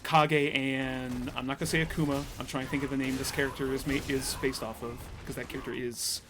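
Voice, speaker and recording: A man's voice: mid-range voice, little pitch movement, a little fast, over music. A man hosting a live fighting game tournament stream, chatty and rambling, often laughing. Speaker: tournament commentator and host. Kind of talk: live esports commentary.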